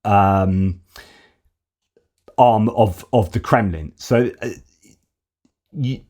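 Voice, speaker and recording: A man's voice: lowish voice, drawn-out words, dark tone. A man hosting a news commentary show, talking through current events in a conversational, opinionated way as he thinks aloud. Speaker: host of a news commentary channel.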